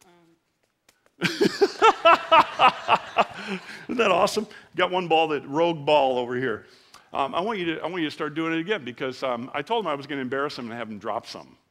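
A man's voice: on the high side, quick pace. Joking conversational male pastor. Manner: conversational and joking, acting out quotes. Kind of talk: sermon. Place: church service.

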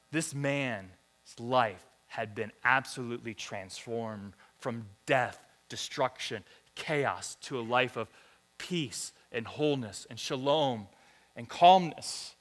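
A man's voice: medium pitch, expressive, takes it slowly. A man preaching a sermon in a church, reading scripture and building to fervent repeated phrases. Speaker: pastor. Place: church hall.

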